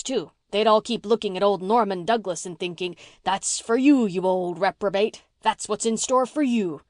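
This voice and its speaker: A gruff old farmer, bossy and teasing, who barks his points twice over, as a woman reader puts him on. The voice sits at an ordinary middle pitch, and the audiobook sound is close and dry with no room around it. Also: darkish tone, dry recording, natural voice. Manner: bossy, teasing, repeats himself. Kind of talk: audiobook reading.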